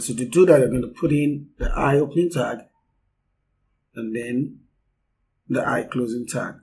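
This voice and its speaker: Mellow-voiced man teaching code. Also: medium pitch, slight background noise, rough recording. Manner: unscripted, explaining step by step with fillers. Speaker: coding instructor. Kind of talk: screen-recorded coding tutorial.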